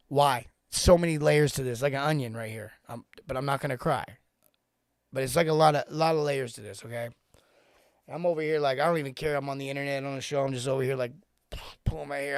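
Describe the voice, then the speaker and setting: A man coaching plumbing technicians on a live show, emphatic and animated, hammering his points home through repetition. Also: on the high side, vocal fry, dry recording, studio quality.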